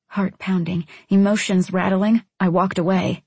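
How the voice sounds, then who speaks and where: A woman's voice: fairly low pitch, steady tone, normal speed, hardly any pauses, darkish tone, slightly rough, dry recording. A woman narrating a first-person novel in a wry, introspective manner. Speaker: audiobook narrator.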